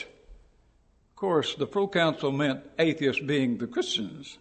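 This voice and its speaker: A man preaches in a church with a fairly high voice, telling vivid stories and building to shouted lines. The sound carries a long hall reverb around him. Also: expressive, slow. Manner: dramatic storytelling, rising to shouted quotes. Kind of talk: sermon.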